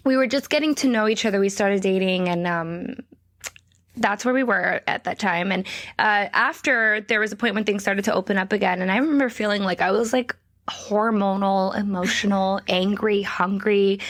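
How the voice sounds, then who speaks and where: A woman's voice: mid-range voice, moderate pace, fairly bright tone. A woman co-hosting a podcast, telling her own story in a candid, blunt way with frequent laughter. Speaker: podcast co-host. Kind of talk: casual chat.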